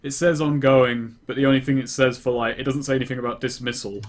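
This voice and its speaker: A man chats casually as a player and works through the rules aloud. His voice is mid-pitched and plain. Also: little pitch movement, fast. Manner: chatty, rules-minded. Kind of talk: casual game chat.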